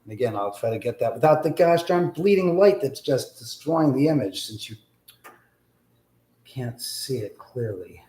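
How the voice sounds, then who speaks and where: A man hosting a live stream, telling a rambling, animated story and swearing freely. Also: mid-range voice, moderate pace. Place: in a house. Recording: roomy echo.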